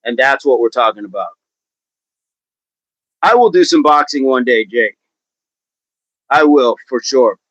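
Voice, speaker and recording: A man's voice: mid-range voice, lively intonation, unhurried, pauses often, fairly bright tone, no echo. A man coaching fitness on a livestream, talking with viewers in an upbeat, encouraging way and often repeating his phrases. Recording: dull, dry livestream audio.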